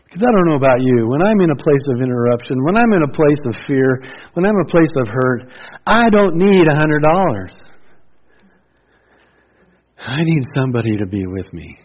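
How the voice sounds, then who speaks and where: A middle-aged man preaching a sermon as pastor, earnest, rising to loud exclamations and dropping to quiet pleading. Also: fairly high pitch, lively intonation, normal speed, long pauses, slightly rough. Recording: dull lo-fi sound.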